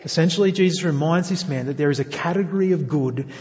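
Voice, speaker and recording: A man's voice: on the high side, fast talker, darkish tone. Earnest preacher man in a reverberant hall. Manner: earnest, uses rhetorical questions. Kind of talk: sermon. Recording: dull lo-fi sound with long hall reverb.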